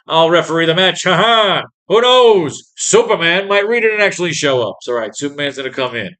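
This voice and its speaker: A man with a slightly high voice rants through comic pages in crude, exasperated bursts. He hosts a writing class and picks apart what he reads. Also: pushed and bright. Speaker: host. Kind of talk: profane comic-reading commentary.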